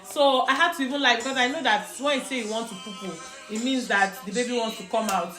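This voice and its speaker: A Nigerian woman telling a personal story in casual, animated talk, laughing often and mixing in pidgin. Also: a little high, fast. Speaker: vlogger. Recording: echoey room with music behind.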